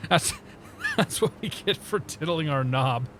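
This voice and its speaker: A man's voice: on the high side, animated, takes it slowly, a bit bright, a little hiss or hum. A man streaming a flight simulator in casual chat, joking at himself and laughing easily while he explains cockpit controls. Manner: chatty, laughing, self-joking.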